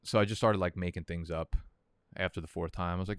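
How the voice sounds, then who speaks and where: A man's voice: deep voice, steady tone, quick pace, clean tone, no echo, clean studio sound. A young man casually chatting and rambling, profane and prone to tangents, while hosting a fantasy football draft stream. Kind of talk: casual livestream chat.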